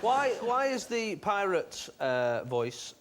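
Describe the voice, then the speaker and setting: A man's voice: high voice, big pitch swings, takes it slowly. A man who is a guest panelist on a TV quiz show, asking playful, naive questions and joking. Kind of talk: comic banter. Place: TV studio with live audience.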